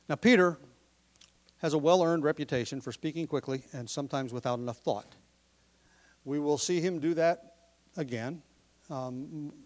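A pastor preaching a sermon, explaining the text from his notes and pressing his listeners with forceful questions. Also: mid-range voice. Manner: teaching from notes, explains word meanings.

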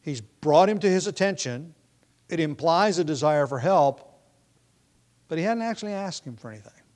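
A man's voice: on the high side, a little mellow. Thoughtful man teaching from scripture. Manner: thoughtful, self-correcting, many restarts and fillers. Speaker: Bible teacher. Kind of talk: expository Bible teaching.

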